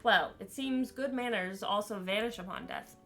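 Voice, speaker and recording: A woman's voice: mid-range voice, animated, normal speed, a bit bright, faint music behind. A woman reading the lines of a formal, flowery male ghost, a genteel old-fashioned writer. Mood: courtly.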